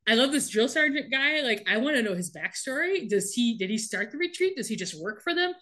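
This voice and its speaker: A woman's voice: fairly high pitch, lively intonation, fairly quick, a bit bright. A woman co-hosting a podcast, animatedly retelling a TV episode in casual chat and laughing often. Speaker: podcast co-host recapping a TV show.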